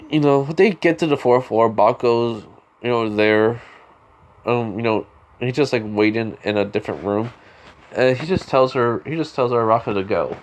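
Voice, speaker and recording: A man casually telling a spoken fan story, rambling with lots of fillers. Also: medium pitch. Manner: rambling, heavy use of "you know" and "like" fillers.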